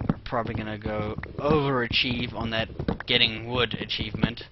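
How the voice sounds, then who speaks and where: A man's voice: lowish voice, steady tone, normal speed. Young guy rambling to himself over a game, muffled cheap mic, noisy. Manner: rambling, talks to himself while playing. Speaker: let's play host. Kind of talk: casual gameplay commentary. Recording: dull lo-fi mic with clear noise.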